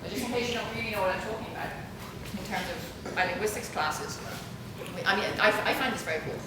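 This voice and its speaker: A middle-aged woman giving a humorous, self-mocking storytelling lecture as a university lecturer, lively and acting out quoted voices. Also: medium pitch, fast. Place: university auditorium. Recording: echoey auditorium with audible room noise.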